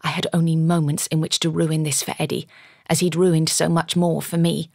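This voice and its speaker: A woman's voice: low voice, flat delivery, moderate pace, creaky, a little mellow, no echo, studio quality. A woman narrating an audiobook in the first person, with dramatic storytelling.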